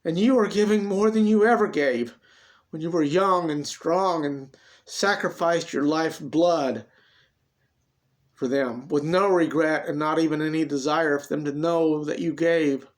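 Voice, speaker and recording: A man's voice: on the high side, a little slow, natural voice. A man voicing a saucy, defiant young redheaded woman who is also a tender, consoling mother. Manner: sassy, later soft and consoling.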